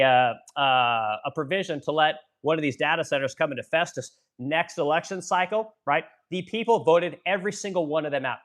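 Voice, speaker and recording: A man's voice: fairly high pitch, fairly bright tone. A man in his forties from Missouri, hosting a livestream and ranting profanely about politics while reading chat comments. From Missouri, USA. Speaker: livestream host.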